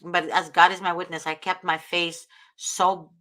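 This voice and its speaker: A woman's voice: fairly low pitch, flat delivery, unhurried, bright, forceful tone. A woman hosting a talk show, giving earnest, preachy advice and repeating her points. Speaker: host.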